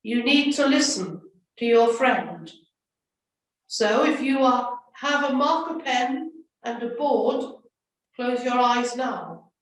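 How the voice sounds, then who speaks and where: A woman leading a children's school assembly, giving slow, gentle instructions. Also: on the high side, animated. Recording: echoey room from far off.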